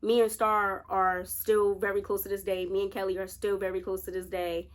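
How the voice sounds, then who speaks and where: A woman in her late twenties telling a college story to her viewers in a casual, animated way, calling them y'all and acting out what people said. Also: medium pitch, moderate pace. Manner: animated, addresses viewers as y'all, acts out quotes. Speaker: storytime vlogger.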